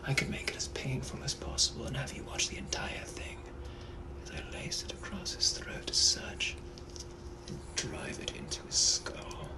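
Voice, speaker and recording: A man voicing a suave, menacing 1800s British gentleman with a British accent, in whispered role-play, purring and teasing. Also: medium pitch, huge pitch swings, normal speed, vocal fry.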